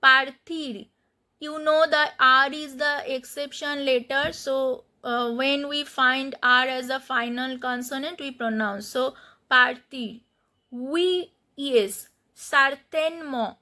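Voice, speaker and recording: A woman's voice: high voice, fairly even intonation, bright, forceful tone. A woman teaching a French pronunciation lesson, spelling out letters and repeating each word for beginners. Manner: slow, spelling out letters and repeating words for learners.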